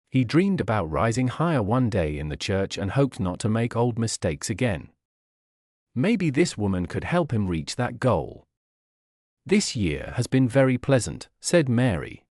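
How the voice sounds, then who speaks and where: Casting: male audiobook narrator for learners, clear and plain, lively pitch, dry close sound. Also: no room sound.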